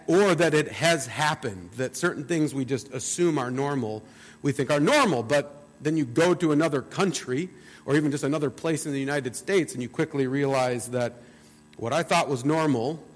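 Midwestern man preaching in reverberant hall. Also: medium pitch. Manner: conversational, repeats words as he restarts. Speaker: pastor. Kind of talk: sermon meditation with scripture reading.

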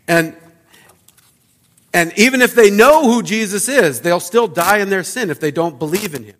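A man preaching a sermon as a pastor, earnest, often repeating words and dropping to a quiet low voice for emphasis. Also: lively intonation, normal speed. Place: church sanctuary. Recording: church hall reverb.

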